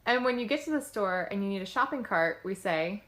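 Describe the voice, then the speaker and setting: A woman narrates a class presentation on dialects and trips over a word here and there. Her voice sits at a middle pitch, and the room around her is noticeably echoey. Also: expressive, a little fast, fairly bright tone. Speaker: student presenter.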